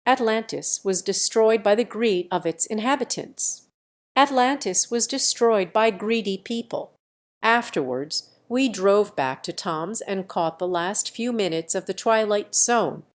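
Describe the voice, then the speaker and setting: A woman narrating a memoir as an audiobook, in an even, steady reading voice. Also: medium pitch, measured pace.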